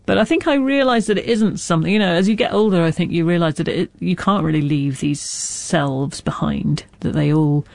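A woman's voice: lowish voice, normal speed, vocal fry, few pauses, a little mellow, no echo. A middle-aged woman author who stammers, speaking candidly with restarts and asides in an interview. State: lives with a stammer. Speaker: author guest. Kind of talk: reflective interview talk.

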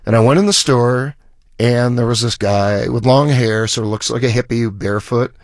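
A man's voice: mid-range voice, normal speed, dry recording. Rambling storyteller man, dry close sound. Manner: rambling anecdotes with restarts and acted quotes. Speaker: musician guest. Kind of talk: casual storytelling interview.

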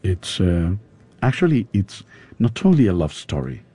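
A man with a Spanish accent, an opera singer interviewed in English, his second language, pausing often to search for words. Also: deep voice, wildly swooping pitch, dark tone, husky. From Spain. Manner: halting, searching for words with fillers.

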